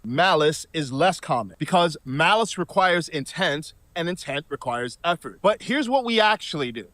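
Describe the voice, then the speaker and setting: A man delivering a scripted commentary clip at a somewhat high pitch for a man. His pacing is measured and reasoned, and the recording sounds dry, with no room echo. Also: animated, a bit bright.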